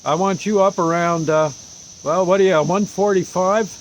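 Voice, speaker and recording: An older man in his seventies voicing a blunt, bossy ex-Army doctor who gives folksy, gruff orders. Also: sits high, fairly even intonation, normal speed, a little hiss or hum, voice pushed up, close to an everyday voice, rough recording. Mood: commanding.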